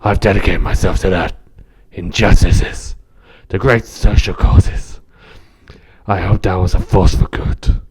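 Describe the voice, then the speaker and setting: Man doing a croaky, gravelly vigilante voice, brooding and intense, low-pitched. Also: steady tone, unhurried, heavily acted.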